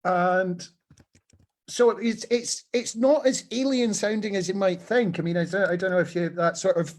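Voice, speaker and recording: A man's voice: high voice, fairly even intonation, moderate pace. A man hosting a travel show, telling stories in a chatty, digressive way with lots of fillers. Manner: recites poetry with feeling. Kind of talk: casual storytelling talk.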